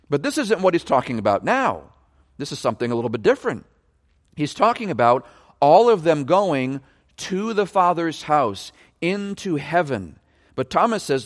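A man with a sing-song voice preaches at a moderate pace, emphatically explaining a passage and hitting key words. His pitch ranges widely for stress, and the long reverb of a large hall is audible.

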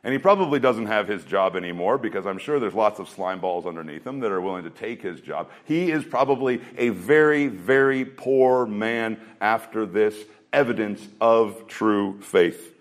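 A man's voice: lowish voice, normal speed, few pauses. A man preaching a sermon in an earnest voice, asking rhetorical questions and shifting his pace. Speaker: pastor.

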